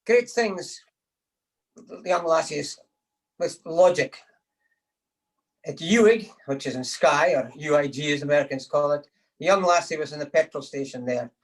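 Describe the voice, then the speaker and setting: A man's voice: a little high, unhurried, pauses often, rough recording. A man telling jokes at a supper over a video call, acting out the quotes and chuckling at his own punchlines. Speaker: speaker giving a toast to the lassies. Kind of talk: after-dinner joke telling.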